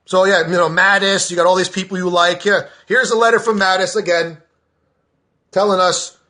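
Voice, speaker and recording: A man podcaster giving a heated, profane political rant straight to camera, openly shouting. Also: high voice, fairly even intonation, normal speed.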